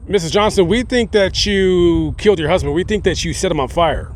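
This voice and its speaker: A man voicing a blunt sheriff's detective in a low, matter-of-fact tone. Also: brisk, slight background noise, natural voice. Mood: stern. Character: blunt male sheriff's detective, middle-aged.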